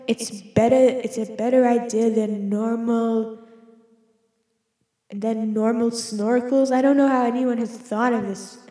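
Higher-voiced woman rambling to herself, cuts herself off a lot, long echo in the room. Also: dark tone. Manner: rambling, self-interrupting, playful. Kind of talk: casual rambling monologue. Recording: echoey room with long reverb.

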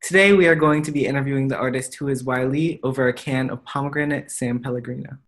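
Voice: medium pitch, fairly even intonation, quick pace. Easygoing young podcast co-host. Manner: easygoing, rambling storyteller. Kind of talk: casual chat and storytelling.

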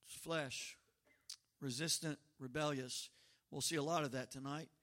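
Male pastor, higher voice, animated sermon delivery. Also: measured pace. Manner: lively, shifts from quiet to loud; conversational storytelling preacher.

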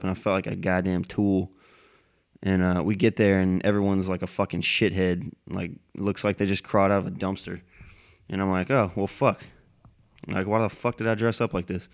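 A man with a fairly low, clean and resonant voice tells a long personal story into his microphone. He rambles, swears constantly and talks with heated frustration. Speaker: military veteran telling a personal story. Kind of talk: casual storytelling monologue. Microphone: plug-in microphone.

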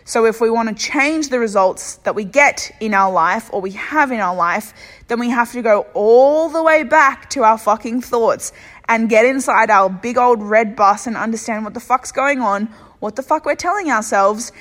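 A young woman with an Australian accent hosts a solo self-help podcast. She talks bluntly and motivationally and swears freely, in a voice pitched a little high. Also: normal speed, a bit bright, long reverb tail. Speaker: podcast host.

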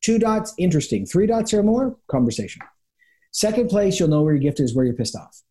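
A man speaks as a guest pastor on an interview podcast, with a mellow, warm tone. He tells lively stories, slipping into quick impressions of the people in them. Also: high voice. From Canada. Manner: animated storyteller, acts out quick voices of people. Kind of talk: conversational interview.

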